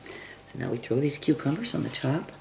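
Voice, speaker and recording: A woman with a very low, gravelly voice walks through a recipe in her home kitchen, chatting as she goes and clearing her throat often. Her pitch moves around a lot, and chopping and clattering dishes are clearly heard behind her in this home video. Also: expressive, moderate pace, darkish tone, slight background noise. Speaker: home cook demonstrating a recipe. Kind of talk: casual cooking demonstration. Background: chopping, dishes and cutlery clatter.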